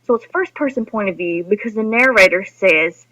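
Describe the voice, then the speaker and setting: A woman's voice: medium pitch, lively intonation, moderate pace, pushed and bright. A woman teacher giving a recorded lesson to her students, explaining patiently and speaking to them directly. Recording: dull lo-fi recording.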